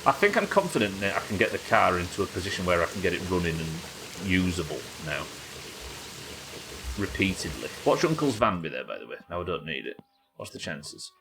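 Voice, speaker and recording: A man's voice: sits low, very animated, brisk, background noise. A young man from the UK doing chatty, sweary live commentary as he plays, talking to his chat. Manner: chatty, sweary, talks to chat while working. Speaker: streamer.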